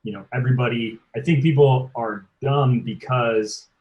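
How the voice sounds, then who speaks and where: A man who directs fitness performance work, speaking as a podcast guest and explaining his views in an earnest, measured way. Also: mid-range voice, narrow, tinny audio. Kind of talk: casual podcast chat.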